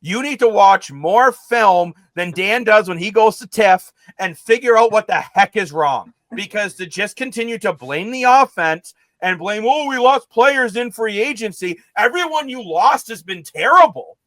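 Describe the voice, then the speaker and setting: High-voiced man ranting about football. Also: lively intonation, normal speed, hardly any pauses, a bit bright, no echo. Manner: ranting, emphatic, frustrated. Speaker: sports talk show co-host. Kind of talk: heated sports talk.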